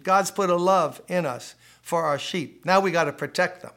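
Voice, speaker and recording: A male pastor delivers a podcast sermon to church leaders, emphatic yet conversational, repeating key phrases and asking rhetorical questions. His voice is high, gravelly and fairly bright, at a normal speed.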